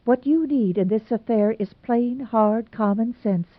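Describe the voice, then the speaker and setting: A woman's voice: a little high, a little slow, no echo, pitched above the performer's own voice. A woman voicing Anne, a cool sensible young teacher. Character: level-headed young woman teacher giving advice. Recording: tinny phone-like sound, dry.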